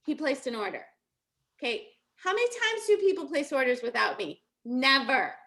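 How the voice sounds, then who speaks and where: A woman's voice: high voice, very animated, moderate pace, pushed and bright. A middle-aged woman, giving a casual motivational talk as a coach and telling stories with lots of laughter. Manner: chatty, laughing storytelling.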